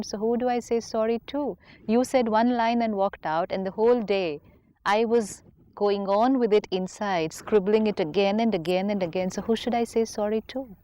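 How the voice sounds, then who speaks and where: A woman, a spiritual teacher calmly explaining ideas on a counselling talk show. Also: on the high side. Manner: calm, explanatory, acts out inner dialogue.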